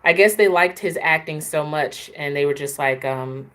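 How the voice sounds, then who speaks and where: A woman's voice: low voice, normal speed, fairly bright tone. A woman hosting a casual, opinionated live chat, talking straight to her viewers. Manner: chatty, opinionated, answers viewers. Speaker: host.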